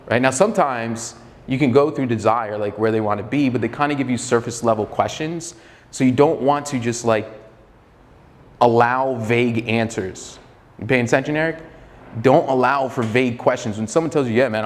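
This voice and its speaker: A man coaching salespeople in a loose, profane and slightly arrogant way, acting out both sides of sales calls. His voice sits at an ordinary middle pitch. Long reverb from the room trails after his words. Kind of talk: live sales training.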